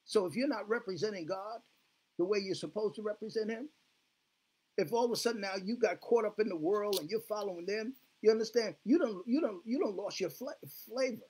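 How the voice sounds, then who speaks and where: Here a man's high-pitched, husky voice carries a darkish tone as he preaches. The pastor is fervent, leading the congregation through call-and-response and repeating "glory be to God, hallelujah."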